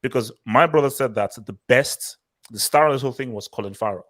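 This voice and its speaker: A man's voice: medium pitch, fairly quick, fairly bright tone. A man hosting a casual film review chat, opinionated and talking in long run-on thoughts.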